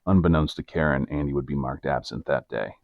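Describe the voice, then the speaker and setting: A man co-hosting a podcast, narrating a case in a deadpan, measured true-crime style with a very deep, gravelly voice. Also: phone-quality sound.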